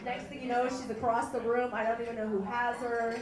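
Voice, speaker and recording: Woman, high voice, very lively, standup comedy, live bar room, echoey, crowd behind. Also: fairly quick. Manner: animated, self-deprecating jokes. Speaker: comedy host doing a standup set. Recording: roomy bar, mic picked up from a distance, crowd noise.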